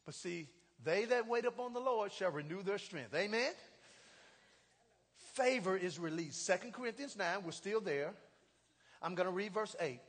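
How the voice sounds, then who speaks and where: A man pastor preaching a sermon in a church, leading call-and-response and rising to shouts. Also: high-pitched, animated, normal speed. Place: church sanctuary. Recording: long hall reverb.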